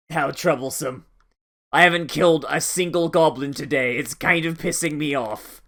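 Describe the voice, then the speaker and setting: A man's voice: fairly high pitch, normal speed, gravelly, fairly bright tone. A young man reacting to an anime episode, talking casually and rambling with a lot of swearing and sarcasm.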